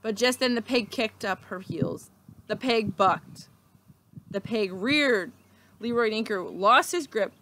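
A teacher reading a children's book aloud with expressive, steady storytelling. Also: female voice, fairly high pitch, slow pace, slight background noise.

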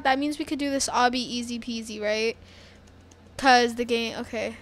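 Excitable high-voiced young woman gaming. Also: normal speed. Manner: chatty, excitable, talks to viewers as guys. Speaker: gaming youtuber. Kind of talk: casual gameplay commentary.

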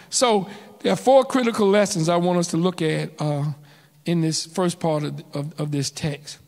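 A man's voice: a little high, normal speed, vocal fry, a little mellow. A man preaching a sermon as pastor, calling out to his congregation in rising and falling waves. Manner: call-and-response preaching, rising and dropping in waves. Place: church sanctuary. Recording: church hall reverb.

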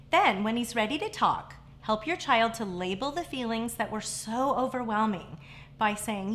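A middle-aged woman, a family therapist hosting a parenting show, giving scripted advice in a calm, measured, reassuring way. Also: a little high, slight background noise.

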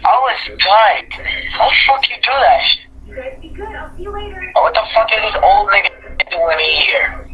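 A man's voice: high-pitched, lively intonation, measured pace, pauses often, highs cut off, over music. A young man telling a crude, profane roast of a friend, with exaggerated stories and acted-out quotes. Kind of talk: casual roast storytelling.

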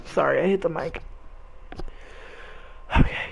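A man's voice: fairly high pitch, measured pace, creaky. A man commentating casually while playing a video game, reacting with frustration. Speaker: gameplay commentator. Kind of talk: casual let's-play commentary. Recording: gameplay with loud game noise.

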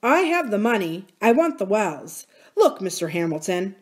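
A man's voice: sits high, big pitch swings, normal speed. List: woman voicing an earnest young man, confiding, sincere, read aloud from a novel.

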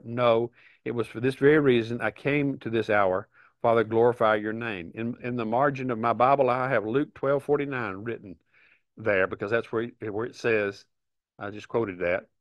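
A middle-aged man earnestly teaching a Bible study, reading verses aloud and pausing to stress them. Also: medium pitch, no room sound. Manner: earnest, emphatic, reads scripture aloud with pauses.

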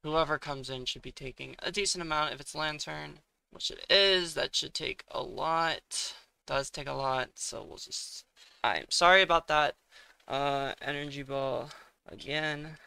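Here the streamer's voice is a little high, creaky, and sharp, recorded cleanly. The young man mutters and thinks aloud through a competitive match, now and then erupting in exasperation.

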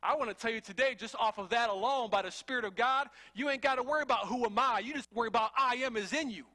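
A man's voice: very high voice, quick pace, pushed and bright. A man preaching a sermon in a fervent, conversational way with slangy asides.

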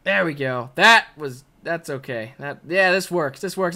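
High lively young dude freaking out at a video game, bright voice, bit of hiss. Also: male voice, a little slow, hardly any pauses. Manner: excitable, yelps and shouts at game mishaps, swears often. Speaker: gaming video host. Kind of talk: let's play commentary with facecam.

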